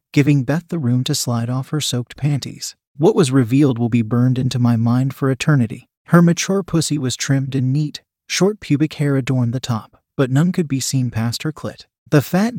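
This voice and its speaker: A man reading a first-person story aloud in a steady, unhurried manner. His voice is mid-pitched and the recording is dry and close, with no room echo. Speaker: reader of an erotic story. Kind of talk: scripted story narration.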